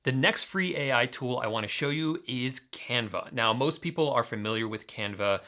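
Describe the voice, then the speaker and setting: Tech host, male, eager and crisp-toned, casual screen-demo tutorial addressed to viewers. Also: medium pitch, expressive, normal speed, bright, forceful tone. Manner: enthusiastic, talks straight to viewers.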